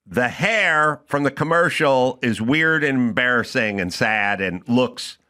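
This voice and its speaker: A man hosting a comedy podcast, telling a profane, animated story and acting out the dialogue. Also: medium pitch, a little slow. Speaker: podcast host. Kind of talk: casual comedic rant.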